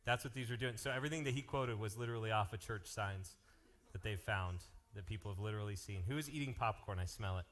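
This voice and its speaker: Joking, energetic youth pastor. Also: male voice, fairly low pitch, fast. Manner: energetic, joking, jumps between topics. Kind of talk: live youth ministry announcements and storytelling.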